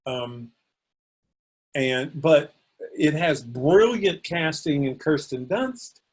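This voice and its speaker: A man's voice: a little high, lively intonation, takes it slowly, breathy edge. A man co-hosting a podcast, giving thoughtful, meandering opinions on a film. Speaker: podcast co-host. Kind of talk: casual film discussion.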